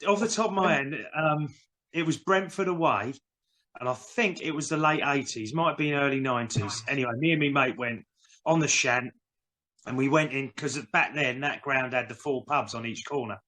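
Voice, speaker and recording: A man's voice: medium pitch, normal speed, sharp tone. A man on a panel, telling a story in an easygoing, hesitant way. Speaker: panel member. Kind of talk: casual storytelling.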